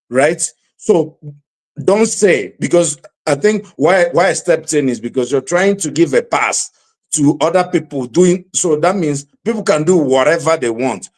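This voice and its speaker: A man hosting a panel debate, speaking haltingly with many fillers before arguing firmly. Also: fairly high pitch, expressive. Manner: halting, many fillers, then forceful argument. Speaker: talk show host.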